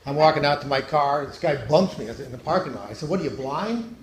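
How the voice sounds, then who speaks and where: A middle-aged man doing stand-up at a church, telling joke stories with deadpan delivery and punchlines that drop low and quiet. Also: fast talker, crowd noise. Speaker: stand-up comedian. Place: church hall. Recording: echoey hall, faint noise.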